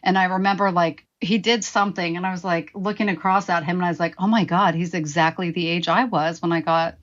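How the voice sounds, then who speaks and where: A woman's voice: on the low side, fairly even intonation, fairly quick, highs cut off. A woman in her forties, a guest telling her own story frankly and with swearing, acting out her past remarks. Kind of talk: candid personal storytelling.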